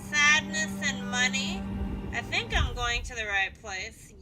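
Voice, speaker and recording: A woman's voice: high voice, animated, measured pace, low-quality recording. A woman streaming a video game, chatting playfully and swearing freely with muttered asides, over game music. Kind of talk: casual gameplay commentary.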